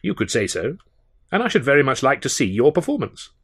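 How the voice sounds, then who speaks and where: A man voicing a formal, deadpan English butler with a dry wit and an English accent. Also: mid-range voice, fairly quick, breathy edge, pitched above the performer's own voice, full character voice. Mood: polite.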